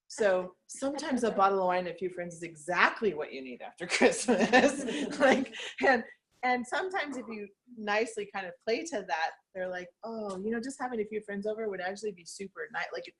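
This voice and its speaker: A woman's voice: on the low side, low-quality recording. A woman leading a sales team meeting, chatty, laughing often and acting out little quotes. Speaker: team leader. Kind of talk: team meeting pep talk.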